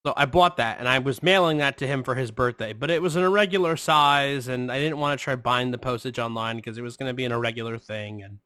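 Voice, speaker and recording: A man's voice: medium pitch, sharp tone, no room sound. Brief male podcast host, rambling profane storyteller, close dry sound. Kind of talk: casual storytelling chat.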